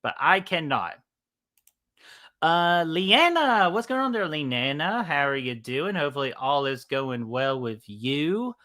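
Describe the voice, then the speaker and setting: A man's voice: a little high, very animated, measured pace, sharp tone. A man with a Southern US accent hosting a casual live stream, greeting chat by name, laughing and swearing casually.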